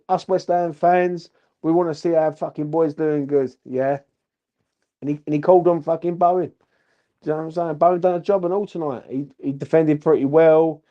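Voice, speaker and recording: The host of a football fan channel, drunk after the match, rambles and swears through his reaction vlog, again and again asking "do you know what I mean." His voice sits a little high with a dark tone, and the sound is muffled.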